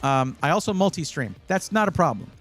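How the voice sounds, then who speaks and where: A male stream host talks casually, his voice ranging widely and sitting a little high. He rambles with fillers and breaks into excited bursts. Faint music plays beneath him. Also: fairly quick. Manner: chatty and animated, many fillers, bursts of excitement. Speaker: livestream host giving PC buying advice. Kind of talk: casual live-stream chat.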